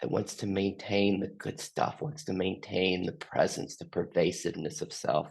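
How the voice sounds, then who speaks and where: A man facilitating a group session, gently asking slow, open questions. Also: sits low, steady tone, gravelly, husky. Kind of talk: guided group reflection.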